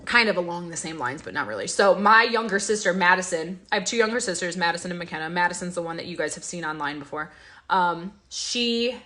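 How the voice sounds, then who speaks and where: A woman's voice: on the low side, expressive, brisk, bright, forceful tone, slight background noise. A young woman hosting a casual vlog, talking in an emotional, confiding way with many fillers and restarts. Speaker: host.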